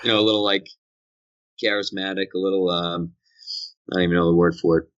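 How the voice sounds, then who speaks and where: A man's voice: low-pitched, steady tone, fast, a bit bright, lo-fi sound. A man with a Boston accent, a voice actor guest talking candidly and with self-deprecating humour in an interview from a dry hotel room.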